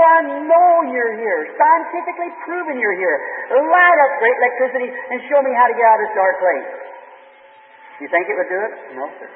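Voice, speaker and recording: An impassioned male preacher, keeping up a stream of rhetorical questions at the crowd. His voice sits high and rings through a large hall with a long reverb. The old recording is thin and tinny, with faint radio noise. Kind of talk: revival healing sermon.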